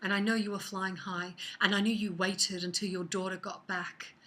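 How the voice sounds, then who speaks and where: A woman giving a casual weekly card reading as a psychic, chatty and expressive, sometimes dropping into soft whispered asides. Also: medium pitch, normal speed.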